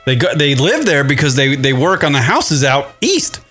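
A man's voice: mid-range voice, normal speed. A man hosting a comedic radio talk show, joking and swearing in casual banter, with music playing underneath. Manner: loud, joking, swearing, lively.

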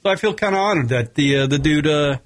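A man's voice: fairly high pitch, fast talker, no room sound. A man from Long Island hosting a casual comedy radio show, rambling and swearing as he tells stories. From Long Island, New York. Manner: profane, rambling, animated storytelling.

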